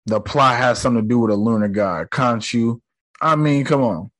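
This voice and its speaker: A man casually recapping a TV episode, excitable and profane, acting out scenes in slangy speech. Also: mid-range voice, normal speed. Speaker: TV episode reactor.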